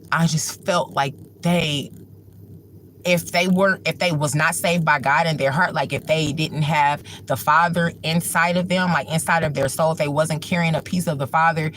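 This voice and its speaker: A woman's voice: low voice, fairly bright tone, a little hiss or hum. A woman hosting a livestream, telling a personal story at home in a rambling way, full of filler words. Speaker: livestream host.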